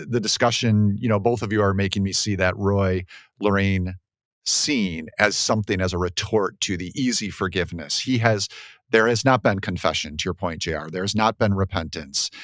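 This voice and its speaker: A man hosting a podcast discussion, talking casually with many fillers and lively, self-deprecating asides. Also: fairly low pitch, dry recording. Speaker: podcast host.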